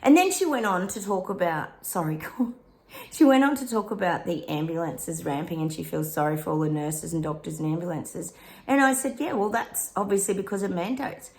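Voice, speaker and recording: A woman's voice: fairly low pitch, animated, moderate pace, darkish tone. A middle-aged woman with an Australian accent, a psychic vlogger venting in a casual rant straight to her viewers. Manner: frustrated, venting, talks straight to her audience.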